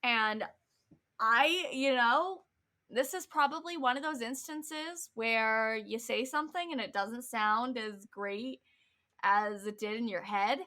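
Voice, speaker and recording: A young woman with a fairly high, bright voice tells a story on a casual podcast. She laughs often and fills her telling with ums and the odd swear word. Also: slow pace. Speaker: podcast co-host. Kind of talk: casual chat.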